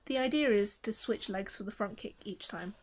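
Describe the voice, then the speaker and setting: Young woman calmly guiding a workout. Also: medium pitch, normal speed, slight background noise. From United Kingdom. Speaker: taekwondo stretching instructor. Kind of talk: instructional voice-over.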